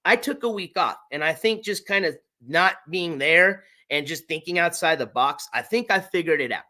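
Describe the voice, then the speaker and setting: A man's voice: a little high, animated, moderate pace, pushed and bright. A man hosting a casual livestream chat, laid-back and rambling, swearing now and then. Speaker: streamer.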